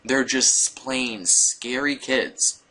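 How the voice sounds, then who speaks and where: A young man telling a story casually to his viewers, rambling and digressing with an animated delivery. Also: medium pitch, very slow. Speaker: vlogger.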